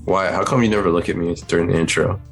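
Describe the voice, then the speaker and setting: Deep-voiced man hosting a podcast. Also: fairly even intonation, quick pace, husky, faint music behind. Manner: joking, teasing. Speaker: podcast host. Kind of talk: casual podcast banter.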